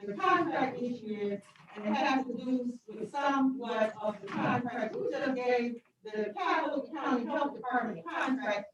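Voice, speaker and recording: A woman's voice: on the high side, lively intonation, moderate pace, distant mic. A woman council member speaking firmly at a council meeting, raising pointed objections. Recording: echoey chamber from afar, dull sound, crowd behind.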